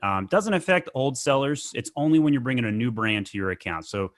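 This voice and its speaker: A man hosting a podcast interview, talking casually and clearing his throat between points. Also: medium pitch, lively intonation, dry recording. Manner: conversational, clears throat, quick asides. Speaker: podcast host.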